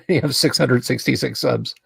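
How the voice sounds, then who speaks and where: A man's voice: medium pitch, measured pace, gravelly, slightly rough, no room sound, studio quality. Chatty man hosting a livestream. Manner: chatty, reads viewer names aloud, laughs easily. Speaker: livestream host. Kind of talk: casual livestream chat.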